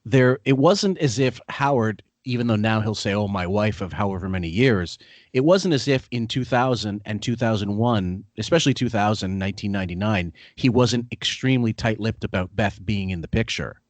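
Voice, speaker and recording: Man, podcast host, lower voice, blunt and dismissive, dry close recording. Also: moderate pace, few pauses, no room sound. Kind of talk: casual podcast discussion.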